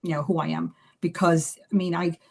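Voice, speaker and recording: A woman's voice: on the low side, a little fast, gravelly, slightly rough. A woman talks in a loose, chatty way on a live stream. She tells stories with animation, stopping and restarting her sentences and slipping in plenty of fillers. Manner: animated storyteller acting out dialogue. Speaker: psychic medium. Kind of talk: casual live video chat.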